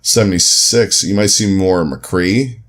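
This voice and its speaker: A man's voice: low-pitched, measured pace, fairly bright tone. A man co-hosting a casual esports podcast, easygoing and loose, filling his talk with "you know" and "um". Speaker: co-host.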